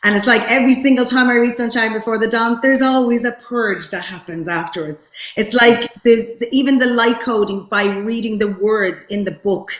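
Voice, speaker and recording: A woman's voice: a little high, moderate pace, few pauses. Eager woman host in an echoey room. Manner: enthusiastic, with frequent restarts. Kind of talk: casual interview chat.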